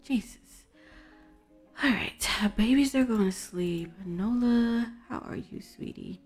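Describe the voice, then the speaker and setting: A woman's voice: a little high, takes it slowly, a little mellow. A woman hosting a casual let's play, chatting and exclaiming at the characters in her game. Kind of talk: casual gameplay commentary. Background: faint background music.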